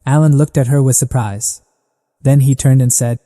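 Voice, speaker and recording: A man narrating a story recap in a steady, even reading. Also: medium pitch, moderate pace, in a large hall.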